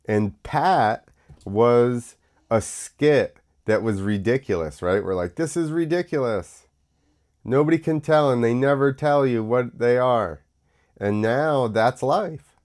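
A young man hosts his own talk show in a loose, casual monologue. He rants with a mocking, sarcastic edge and keeps drifting off on tangents. His pitch sits in an ordinary middle range. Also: animated, slow, a little mellow. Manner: ranting, goes off on tangents. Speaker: show host.

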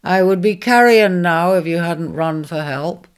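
A woman voicing a wounded male lion who speaks slowly and wearily in a storybook reading. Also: fairly low pitch, clear, resonant tone, close to an everyday voice. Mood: weary. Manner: slow, weary.

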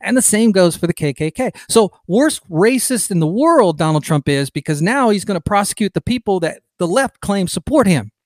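A man's voice: high voice, expressive, normal speed, hardly any pauses, dry recording. Chatty, opinionated podcast man, dry sound. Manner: chatty, digressive, emphatic. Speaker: podcast host. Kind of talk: opinionated political podcast commentary.

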